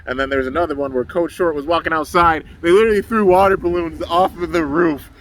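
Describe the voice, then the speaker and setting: A man's voice: on the high side, fast, low-quality recording. Laid-back young guy recapping a cartoon. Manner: rambling, laughs often, acts out character lines. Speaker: anime reviewer. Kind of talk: casual episode recap.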